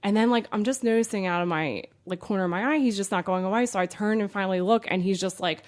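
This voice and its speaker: Animated woman telling a story. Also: mid-range voice, fast. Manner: animated storyteller, frequent "like" fillers. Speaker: podcast co-host. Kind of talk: casual chat.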